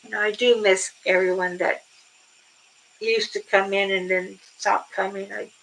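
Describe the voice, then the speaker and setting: A woman's voice: mid-range voice, little pitch movement, unhurried, fairly bright tone, slight background noise, rough recording. An older woman chatting casually with viewers on a livestream, telling rambling stories and laughing often. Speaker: livestream host.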